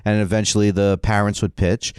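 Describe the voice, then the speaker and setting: A middle-aged man co-hosting a podcast, telling a story in casual chat, laughing often and getting loud as he relives his anger. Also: fairly low pitch, brisk, smooth, no echo, clean studio sound. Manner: animated storyteller, laughs often, voice climbs when recounting anger. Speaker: podcast co-host.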